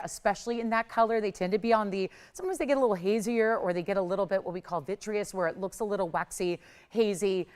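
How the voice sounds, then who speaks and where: A woman's voice: medium pitch, clear, resonant tone. A middle-aged woman hosting a live shopping channel, chatty and upbeat as she pushes deals and prices, her voice still recovering. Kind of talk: live home shopping sales pitch. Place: TV studio.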